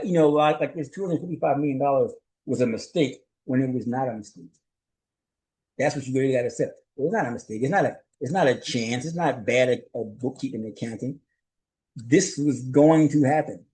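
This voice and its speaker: A man's voice: medium pitch, brisk, mellow, rough recording. A male host and journalist giving a solo commentary recap. He speaks conversationally and rhetorically, keeps asking "right?", and chuckles often.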